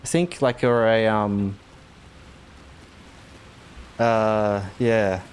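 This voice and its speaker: A man's voice: lowish voice, fairly even intonation, very slow, clean tone. A man with an Australian accent from Victoria, chatting casually with viewers while streaming a game. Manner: rambling, chatty, laughs easily.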